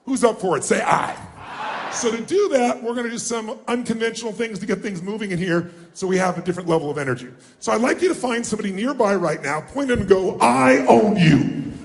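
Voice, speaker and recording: A man giving a live motivational seminar, energetic and firing questions at the audience so they call out answers. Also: high-pitched, quick pace, few pauses, echoey room, noisy background. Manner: energetic, calls out questions and prompts the crowd to answer. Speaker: motivational speaker. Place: large room with a live audience.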